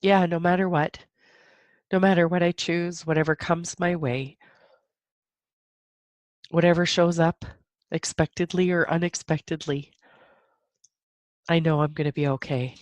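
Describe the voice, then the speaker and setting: A woman hosting a reflective solo podcast speaks in a lowish, steady voice, a little slowly, with long pauses. She grows emotional and teary, laughing between thoughts, her nose a little stuffy. There's no echo.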